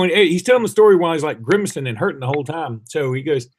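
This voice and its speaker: A podcast co-host with a high, fast, slightly rough voice tells a funny story in casual conversation, laughing with animation and acting out the voices of the people involved.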